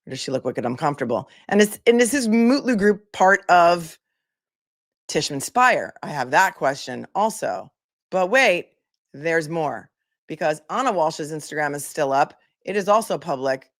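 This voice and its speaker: A woman's voice: deep voice, animated, moderate pace. A woman attorney giving casual commentary, chatty and incredulous, reading posts aloud. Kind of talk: casual commentary on a legal case.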